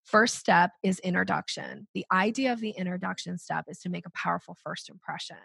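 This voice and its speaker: An upbeat woman explains sales steps on a podcast, her voice lilting up at the ends of sentences. There's some gravel and huskiness in her tone. The sound is close and dry, with little room around it. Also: fairly low pitch, brisk, a bit bright, dry recording. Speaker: guest sales coach. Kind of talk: conversational podcast interview.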